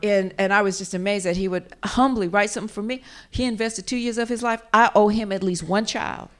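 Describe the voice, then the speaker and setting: A woman speaking in a relaxed interview, her voice sitting at an ordinary middle pitch. She tells her stories with animation, laughing often and circling back to restart her sentences. The talk is casual and warm in pace, recorded at a live event. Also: fairly quick. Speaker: actress and author being interviewed.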